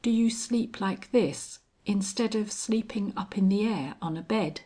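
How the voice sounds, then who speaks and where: A woman's voice: mid-range voice, measured pace, warm tone, husky, voice pushed up. A woman voicing an innocent, puzzled angel in a storybook reading, speaking earnestly and with wonder. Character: innocent, puzzled angel newly fallen to earth.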